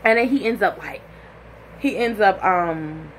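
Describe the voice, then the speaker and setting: Young woman telling a story, blunt and animated. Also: mid-range voice, measured pace, a little hiss or hum. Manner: animated, blunt and profane, acts out quotes. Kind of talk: casual personal storytelling.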